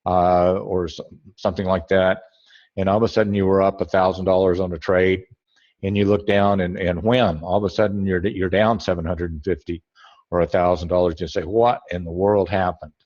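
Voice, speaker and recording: A man's voice: deep voice, level tone, fairly quick, darkish tone, highs cut off. A man teaching a trading webinar over a screen share, rambling and correcting himself as he thinks aloud.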